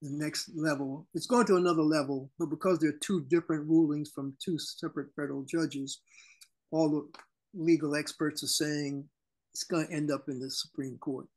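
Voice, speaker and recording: A man co-hosting a political talk show, speaking in an animated, indignant way over a remote call link. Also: on the high side, normal speed. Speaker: co-host.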